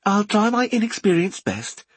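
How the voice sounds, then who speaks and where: A man reading an audiobook and voicing an eager, polite young woman with a bright, questioning, teasing manner. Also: high voice, sing-song, moderate pace, husky, no room sound, voice pushed up, exaggerated voice.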